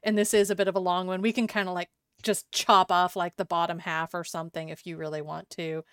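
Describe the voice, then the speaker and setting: A woman with a smooth, clear voice co-hosts a casual chat about writing. She talks easily, peppering her speech with "like" and "kinda". The recording is dry and close, with no room sound. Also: lowish voice, little pitch movement, a little fast, no echo. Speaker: podcast co-host critiquing writing.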